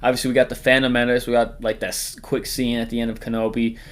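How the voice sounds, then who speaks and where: A man's voice: mid-range voice, flat delivery, fast. A man hosting a casual tier-list ranking, talking in a rambling, jokey way, swearing often and sometimes trailing off into mumbles and whispers. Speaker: host.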